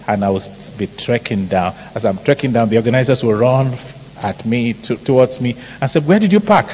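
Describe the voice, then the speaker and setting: A pastor from Ibadan, Nigeria, preaches a sermon in a large church hall, his mid-range voice brisk and animated. He tells stories, mimicking shouts and laughter, and the recording carries hall reverb with faint background noise.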